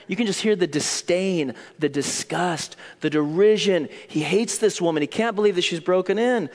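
A man preaching a sermon, telling the story in an animated way that swings between hushed and excited. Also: high-pitched, normal speed, few pauses. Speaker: pastor. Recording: long hall reverb.

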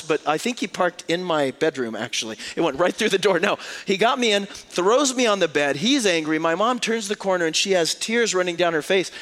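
A male pastor delivers a sermon as an expressive storyteller. His voice sits a little high, and he swings from hushed, intimate passages to lively, animated stretches. A long hall reverb trails after every phrase.

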